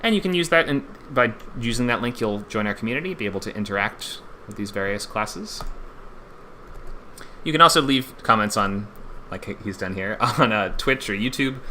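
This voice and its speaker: A man's voice: on the low side, sharp tone, slight background noise. A man hosting a live-streamed online screenwriting class, upbeat and chatty and laughing often.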